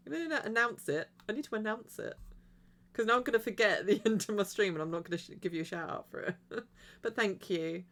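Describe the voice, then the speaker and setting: A woman's voice: medium pitch, fast talker, fairly bright tone. A woman livestreaming a video game, chatting casually to her viewers in a rambling way and giggling often. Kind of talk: casual chat while streaming a game.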